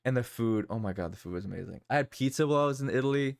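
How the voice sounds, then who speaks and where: A man's voice: mid-range voice, expressive, rapid-fire, gravelly. A man streaming live, chatting casually and rambling, often repeating his own phrases.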